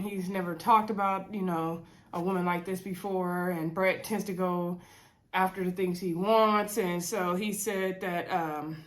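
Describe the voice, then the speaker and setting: Congested woman recapping a reality show. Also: medium pitch. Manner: relaxed Southern-leaning casual talk with fillers and "y'all". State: congested from a cold. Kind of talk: casual chatty recap.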